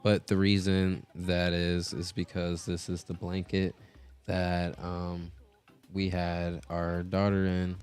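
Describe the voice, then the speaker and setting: A man's voice: deep voice, monotone, slow, a little mellow, clear, resonant tone. A man hosting a casual live stream, rambling with many filler words as he talks into a podcast mixer setup. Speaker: host.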